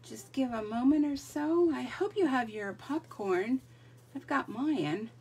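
Chatty husky-voiced woman hosting a livestream. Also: sits high, a little slow, distant mic. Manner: chatty, greets viewers by name, lively. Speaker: livestream crafting host. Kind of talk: casual live chat.

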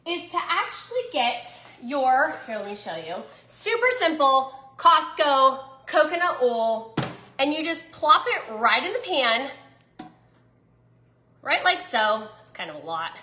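A woman's voice: high-pitched, big pitch swings, a little slow, sharp tone, reverberant. A woman with a Southern US accent chatting to her viewers as she cooks at home, folksy and teasing herself, in her thirties. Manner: folksy, self-teasing, talks straight to viewers. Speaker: home cooking vlogger. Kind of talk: chatty cooking vlog. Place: home kitchen.

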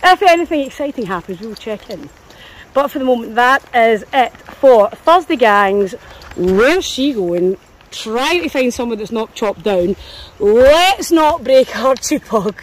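The recording is rough, and the Scottish woman's voice sits on the high side. She's a dog-walking vlogger chatting casually outdoors on a country path, regularly interrupting herself to speak to the dogs.

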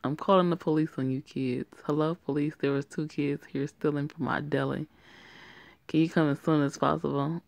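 A woman's voice: sits low, steady tone, normal speed, vocal fry, a little mellow, no echo. A young woman who reads and voices every part of a homemade story drama herself, often giggling as she goes. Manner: giggles often while reading, playful. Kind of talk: amateur story voice acting, playing all parts.

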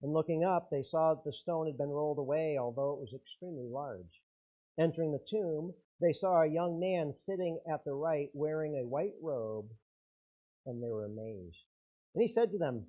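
A man's voice: on the high side, normal speed, muffled recording. A man preaching a sermon as pastor, earnest, his intensity rising and falling.

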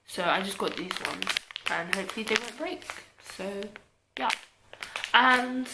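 A woman's voice: medium pitch, normal speed, creaky, reverberant, background noise. A tired young British woman chatting casually through a clothing haul, self-mocking and muttering asides. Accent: British English. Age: young adult. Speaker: YouTuber.

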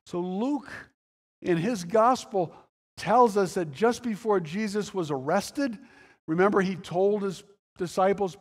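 Here a pastor's voice sits high and moves at a measured pace, trailing long reverb through the sanctuary. He preaches conversationally, stopping and restarting, and dramatizes the dialogue he quotes.

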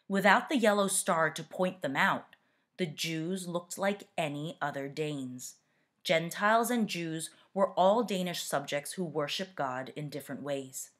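A woman teacher reading a picture book aloud to students, expressive and deliberate. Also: fairly low pitch.

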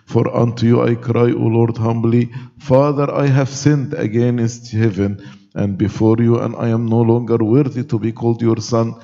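Male clergy voice, solemn liturgical recitation, mellow tone, long church reverb. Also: mid-range voice, level tone, moderate pace, vocal fry, dull audio.

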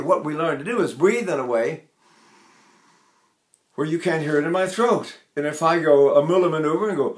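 A man's voice: fairly high pitch, brisk. A man in his eighties, a voice teacher, chatting casually as he demonstrates breathing exercises and talks while holding his breath. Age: 80s.

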